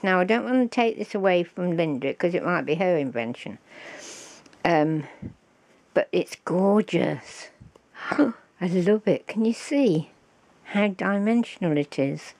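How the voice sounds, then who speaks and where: Slow gravelly-voiced woman gushing over crafts. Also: mid-range voice, a little mellow. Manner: gushing, gasping with delight, slow and fond. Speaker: crafting vlogger. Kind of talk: casual show-and-tell of a craft gift.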